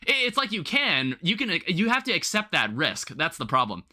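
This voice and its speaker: A young man hosting a livestream, chatting casually while gaming and telling rambling, animated stories with some swearing. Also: high voice, moderate pace. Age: young adult. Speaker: livestream host.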